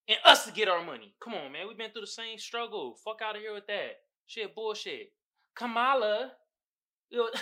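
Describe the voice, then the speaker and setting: A man's voice: sits high, big pitch swings, normal speed, pushed and bright. A young man hosting his own podcast, talking casually in a profane, emphatic, slangy way. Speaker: podcast host. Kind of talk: casual solo podcast talk.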